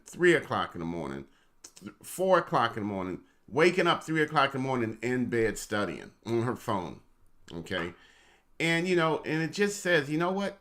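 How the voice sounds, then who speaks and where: A man's voice: medium pitch, a bit bright. A man co-hosting a talk show, playful and teasing with emphatic, preacher-like delivery. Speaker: co-host. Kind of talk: casual chat.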